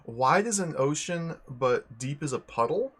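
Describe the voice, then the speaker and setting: Young male streamer with a slightly husky voice; loose, meandering chat that often corrects itself. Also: a little high, animated, slow, fairly bright tone. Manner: rambling, self-correcting, greets viewers one by one. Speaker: livestream host. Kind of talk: casual livestream chat.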